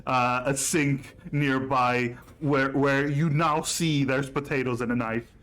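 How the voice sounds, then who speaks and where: A man narrating a tabletop game as game master, halting and restarting with many fillers. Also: mid-range voice, steady tone, fairly bright tone.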